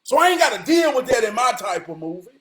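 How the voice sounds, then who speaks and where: A man giving a preachy motivational monologue, emphatic and profane, often rising to a shout and slowly repeating key lines for weight. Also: very high-pitched, big pitch swings. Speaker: motivational vlogger.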